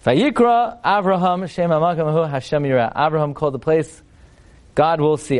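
A man's voice: on the high side, normal speed, a little mellow. A man teaching a Torah class to a live audience, chanting Hebrew verses, then translating them, with wry rhetorical questions and humorous asides.

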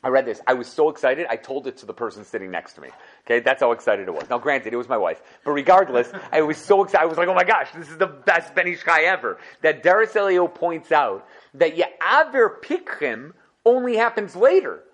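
A man teaching a casual Torah class, telling stories in an animated, conversational way. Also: fairly high pitch, a little fast.

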